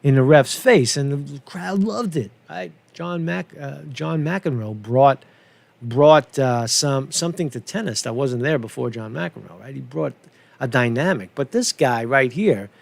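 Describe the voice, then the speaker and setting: Speaking a little slowly in a gravelly, medium-pitched voice, a man hosts a casual commentary show without any echo. He swears heavily, goes over the same points repeatedly and often adds "right?".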